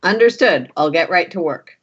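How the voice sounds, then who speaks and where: A woman doing a gruff repair droid. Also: fairly low pitch, expressive, moderate pace, a bit bright. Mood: brusque. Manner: brusque, businesslike. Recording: dull lo-fi sound.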